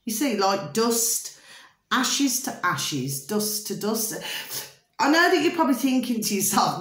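A woman's voice: fairly high pitch, animated, moderate pace, roomy sound. A woman vlogging in a casual rambling monologue, checking with her viewers again and again. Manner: chatty, repeats filler tags like "okay?" and "do you see?". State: hot and itchy.

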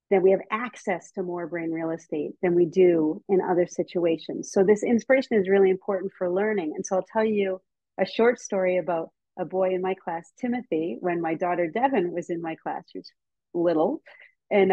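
An American woman giving a lively, chatty talk to teachers and parents over a video call, with frequent ums. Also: medium pitch, no echo. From United States. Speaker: speaker on child development. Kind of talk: casual lecture to teachers and parents. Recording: dull, slightly muffled video call audio.

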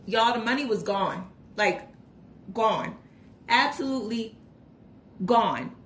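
A young woman chatting casually while budgeting, telling a story with lively retold reactions. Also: fairly high pitch, takes it slowly. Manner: chatty storytelling, animated retellings. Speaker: vlogger.

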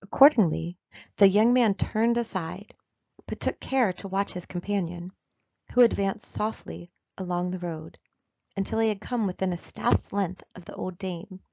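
A woman reading a classic short story aloud in a measured, even storytelling voice. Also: medium pitch, creaky, no room sound, dull audio. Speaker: reader.

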